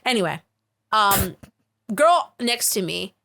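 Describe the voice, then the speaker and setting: A woman's voice: medium pitch, very animated, slow, gravelly, pushed and bright. A young woman, a podcast co-host, telling rambling, self-mocking stories in casual chat, with swearing and laughter. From Australia.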